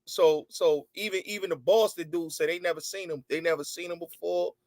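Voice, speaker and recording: A man with a fairly high voice hosting a casual online show over a call. He chimes in a lot and repeats his words. The sound is dry and close, with no room. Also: fairly even intonation, a little fast, darkish tone, no room sound. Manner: agreeable, interjects often, repeats himself. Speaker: show host. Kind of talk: casual video-call chat.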